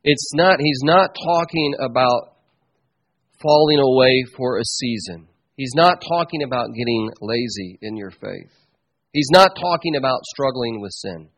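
A man preaching a sermon in a church, teaching with strong emphasis that drops to quiet asides. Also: mid-range voice, expressive, a little slow, breathy edge. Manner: emphatic teaching, swings between loud stresses and quiet asides.

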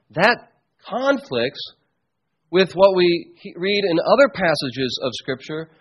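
Husky-voiced man preaching a sermon. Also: high voice. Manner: emphatic teaching, swings between loud stresses and quiet asides. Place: church.

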